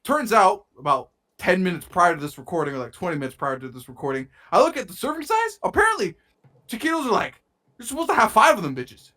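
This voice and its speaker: His voice sits high, fast, sing-song, pushed and bright, as this young man co-hosts a podcast. He tells a meandering story laced with slang and frequent swearing, sounding slightly stuffy-nosed.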